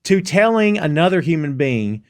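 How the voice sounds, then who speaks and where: A man hosting a casual podcast, retelling scenes in an animated way. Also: a little high, normal speed, dry recording, studio quality. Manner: animated storyteller recounting scenes. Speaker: podcast host. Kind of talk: casual recap chat.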